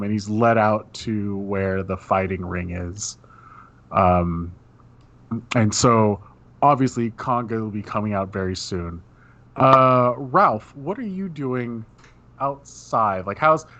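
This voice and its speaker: A man's voice: lowish voice, a bit bright, highs cut off. A man narrating as game master, describing scenes in a loose way full of fillers.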